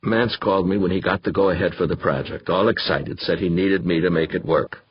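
A bitter, cursing male biologist, as an audiobook narrator puts him on, speaks low and curt. His husky, breathy tone sits close and dry. The sound is a little dull. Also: steady tone, brisk, no echo. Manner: curt, swearing, low and tired.

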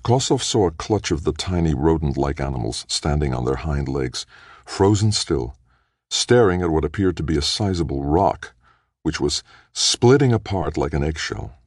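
A male audiobook narrator telling a science fiction story with dramatic storytelling. His voice is extremely deep and gravelly, and moves through a lively range of pitch. The sound is dry and close. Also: normal speed, dry recording. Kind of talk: scripted narration.

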